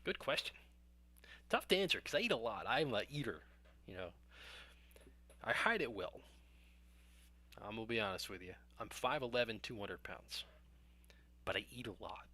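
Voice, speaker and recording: A man's voice: lowish voice, big pitch swings, moderate pace, pauses often, sharp tone. A young man hosting a live stream, chatting casually with viewers in a rambling, self-joking way.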